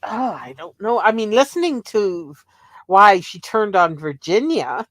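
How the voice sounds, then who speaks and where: A woman's voice: medium pitch, animated, unhurried, fairly bright tone. A woman co-hosting a live commentary stream, easygoing and agreeable, retelling events with small laughs. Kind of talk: casual commentary chat.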